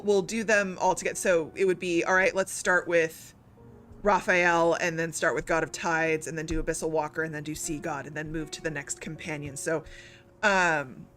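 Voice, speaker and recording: A woman's voice: lowish voice, a bit bright. A woman streaming a story game, chatting casually in a rambling way with many restarts. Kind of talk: casual live-stream chat.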